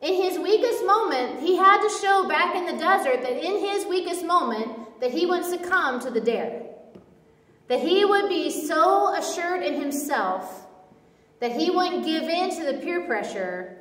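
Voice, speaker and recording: A woman's voice: very high-pitched, animated, unhurried, a bit bright. A woman preaching a sermon in a conversational way, with lots of casual filler words. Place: church hall. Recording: echoey hall from far off.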